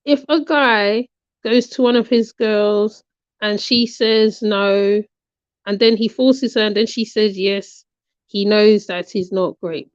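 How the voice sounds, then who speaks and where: Speaking slowly and smoothly at a medium pitch with a steady tone, a woman hosts a commentary channel, reacting casually to things. She hammers her points home, repeating them and often asking "right?". Her audio sounds dry, slightly muffled and lo-fi.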